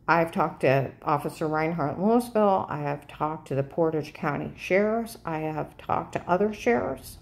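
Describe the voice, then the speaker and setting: A woman in an insistent, urgent monologue to the camera, often checking in with "okay?", her pitch jumping up sharply when agitated. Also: vocal fry, a little mellow. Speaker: vlogger.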